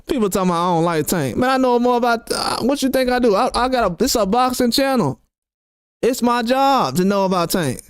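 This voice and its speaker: High-voiced man ranting about boxing. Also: fairly quick, smooth, no echo, clean studio sound. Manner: animated, mocking, quotes critics sarcastically. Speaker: boxing channel host. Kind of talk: opinionated commentary rant.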